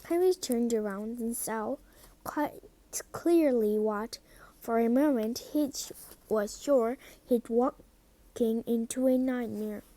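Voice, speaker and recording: Woman reading a storybook slowly. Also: a little high, dark tone. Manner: slow, careful, sometimes whispered. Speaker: reader.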